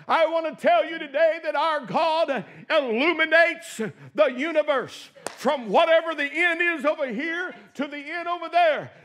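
Male pastor, very high voice, emphatic sermon delivery with loud and soft swings. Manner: emphatic preaching, swings between shouting and quiet asides.

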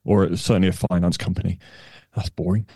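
A man's voice: sits low, little pitch movement, quick pace, dark tone, slightly rough, dry recording. A man co-hosting a podcast and running a quiz, with dry humour and hesitant restarts. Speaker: podcast co-host, quizmaster. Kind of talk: casual chat, running a quiz.

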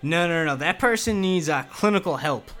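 Casting: male podcast co-host, slightly high voice, deadpan reader with wry asides. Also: moderate pace. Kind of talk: casual comedic reading aloud.

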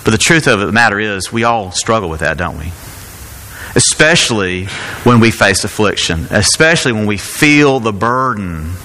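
A man's voice: medium pitch, bright, forceful tone, long reverb tail. A man preaching a sermon as pastor, talking in a conversational way and asking rhetorical questions.

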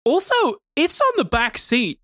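A man who works as an actor, co-hosting a casual film chat, animated and jokey as he recaps scenes. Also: very high-pitched, measured pace, dry recording, studio quality. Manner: animated, jokey, acts out quotes. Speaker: podcast co-host, actor. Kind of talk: casual movie review chat.

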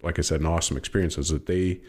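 A middle-aged man, a podcast guest, talking casually, swearing freely and telling stories with lively swings in his voice. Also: racing. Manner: swears freely, animated storytelling with big pitch swings. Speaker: podcast guest, business owner. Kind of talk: casual chat.

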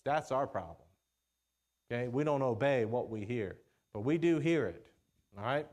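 A man preaching a sermon in a conversational way, reading scripture slowly and checking in with the congregation. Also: on the high side. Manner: conversational, checks in with "okay?" and "all right?"; reads scripture slowly in King James wording.

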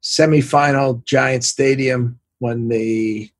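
A man in his sixties, a sports executive, telling animated anecdotes in a casual interview, acting out the voices of the people he quotes and laughing often. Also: mid-range voice, takes it slowly, dry recording. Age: 60s.

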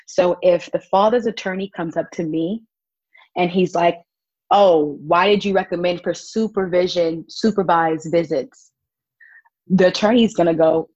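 A woman's voice: fairly low pitch, husky, no room sound, lo-fi sound. A young woman, telling stories in a casual interview and acting out what people said. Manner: animated, acts out quotes with laughs. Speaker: guest, volunteer child advocate.

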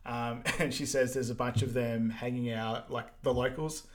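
A man's voice: mid-range voice, normal speed. Easygoing man summarizing a movie. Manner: relaxed, many fillers like um and like. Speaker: podcast co-host. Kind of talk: casual film recap chat.

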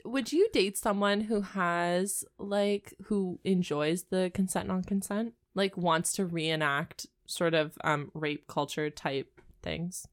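A young woman co-hosting a podcast, reacting with quick questions, teasing remarks and frequent laughs. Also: on the low side, fairly even intonation. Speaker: podcast co-host. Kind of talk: casual chat.

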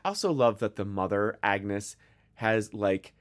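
An American man co-hosting a podcast, chatting casually and retelling an episode with quick asides. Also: on the low side, expressive. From United States. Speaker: podcast co-host. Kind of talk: casual chat reviewing a TV episode.

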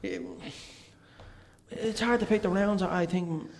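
A cocky young Irish fighter with an Irish accent, put on by a man, slow and deliberate in his boasts. The voice sits a little high with a creaky grain. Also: darkish tone, a little hiss or hum. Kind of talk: comic impression.

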